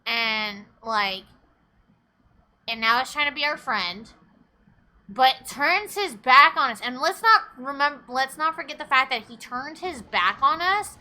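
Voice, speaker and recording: Bright chatty woman streamer. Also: high voice, expressive, a little slow. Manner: chatty, rambling, swears freely, thanks viewers. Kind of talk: casual live game commentary.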